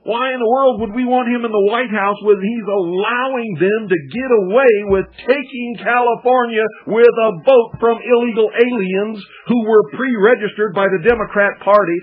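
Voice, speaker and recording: A man's voice: high voice, fairly even intonation, moderate pace, hardly any pauses, breathy edge. A man hosting political talk radio, lecturing indignantly and firing off rhetorical questions. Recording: tinny lo-fi archived radio broadcast.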